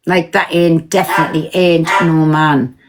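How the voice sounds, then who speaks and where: A woman's voice: low voice, level tone, moderate pace, very noisy. A woman hosting a live stream from home, talking casually and bluntly, swearing freely and answering her viewers. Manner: blunt, swears freely, talks back to commenters.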